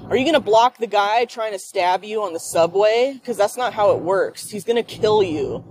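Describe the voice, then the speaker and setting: A woman's voice: medium pitch, normal speed, darkish tone, a little hiss or hum. Profane woman ranting while driving. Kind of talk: rambling monologue while driving. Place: car.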